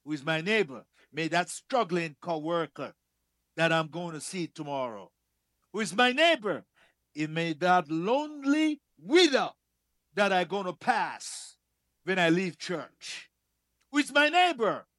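A man preaching a sermon in a church, emphatic, repeating key phrases and swinging between loud declarations and soft asides. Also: high-pitched, sing-song, a little slow, no room sound, studio quality.

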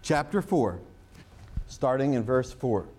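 A man's voice: mid-range voice, animated, slow, darkish tone, a little hiss or hum. A man preaching a sermon as pastor, mixing jokes and stories into his teaching and drawing out key words for emphasis. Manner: humorous, joke-telling preacher.

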